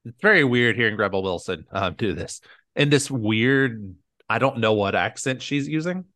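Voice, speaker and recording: With lively intonation at normal speed, this American man has a mid-range voice that sounds pushed and bright. As a podcast co-host, he recaps a film in loose, rambling banter, leaning on "like" a lot and acting out quotes.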